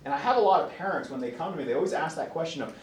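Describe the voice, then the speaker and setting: A man giving a psychology lecture to a class, lively and expressive, often acting out voices of children and parents. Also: fairly high pitch, very fast, slight background noise. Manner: animated, acts out quoted voices. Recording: echoey classroom from a distance.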